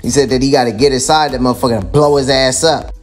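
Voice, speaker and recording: A man's voice: medium pitch, steady tone, fast, soft background music. A man casually recapping a comic book story in slangy, heavily profane talk. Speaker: comic book video host.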